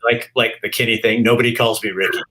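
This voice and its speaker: A man's voice: mid-range voice, steady tone, fast talker, bright, forceful tone. A middle-aged man hosting an interview, telling a personal story in a reflective, casual way. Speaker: host.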